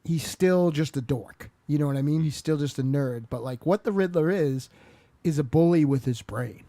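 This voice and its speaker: A man's voice: fairly high pitch, moderate pace, warm tone, no room sound. A man on a podcast chatting casually about movies, rambling and hesitant with lots of filler words. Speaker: podcast co-host. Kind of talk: casual film review chat.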